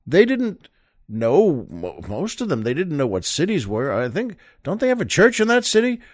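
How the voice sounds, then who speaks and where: An older man hosting a show, rambling happily through his thoughts with lots of asides. His voice moves up and down a lot and sits a bit high. The sound is dry and close, with no room behind it. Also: huge pitch swings, normal speed, no room sound. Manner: chatty, enthusiastic, rambling asides. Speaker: show host. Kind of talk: casual monologue to listeners.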